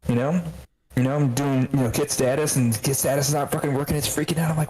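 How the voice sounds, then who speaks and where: A man's voice: mid-range voice, fairly even intonation, quick pace, darkish tone, low-quality recording. Profane rambling man telling stories. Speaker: podcast co-host. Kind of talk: casual chat.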